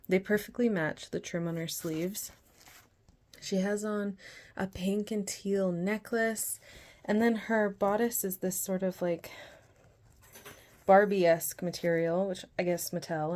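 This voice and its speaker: A young woman from northern Canada, talking earnestly and carefully through a doll unboxing, with soft whispered asides. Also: mid-range voice. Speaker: doll collector and vlogger.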